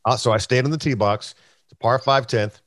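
A man's voice: mid-range voice, steady tone, brisk, fairly bright tone, dry recording, clean studio sound. A middle-aged man hosting a golf chat show, telling a long story with quoted voices and plenty of fillers. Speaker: host.

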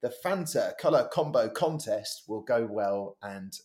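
A man's voice: on the low side, unhurried. A man, a voice-over artist co-hosting a podcast, telling stories casually and acting out quoted lines. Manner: lively storyteller, acts out quoted lines. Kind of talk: casual chat.

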